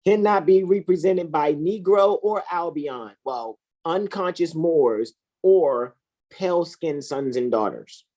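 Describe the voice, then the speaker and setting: A woman's voice: animated, takes it slowly, mellow. A woman co-hosting a heated, casual discussion, talking in an emphatic, profane and preachy way. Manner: emphatic, profane, preachy, swings between high and low pitch. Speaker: co-host.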